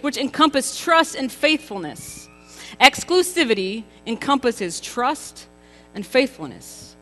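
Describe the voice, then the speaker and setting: A woman's voice: on the high side, pushed and bright. A woman in her thirties preaching a contemporary church sermon, chatty and emphatic, often asking the congregation rhetorical questions. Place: church sanctuary. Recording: reverberant church hall with faint music.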